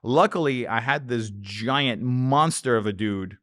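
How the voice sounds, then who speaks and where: A man's voice: mid-range voice, measured pace, fairly bright tone, no room sound. Profane storytelling man, dry close mic. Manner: profane, acts out voices in his anecdotes. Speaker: real estate investor guest. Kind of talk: animated storytelling.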